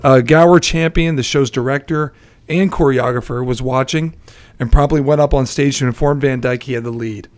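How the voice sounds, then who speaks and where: A man co-hosting a podcast, telling film trivia in a relaxed, chatty way with fillers. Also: mid-range voice, normal speed. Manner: chatty storyteller, many fillers and laughs. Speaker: podcast co-host.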